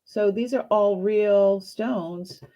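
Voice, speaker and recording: Through dull, lo-fi stream audio comes a slow, dark-toned, mid-range voice. She's in her fifties with a Boston accent, chatting hesitantly as she displays jewelry and welcomes viewers during a casual live sale.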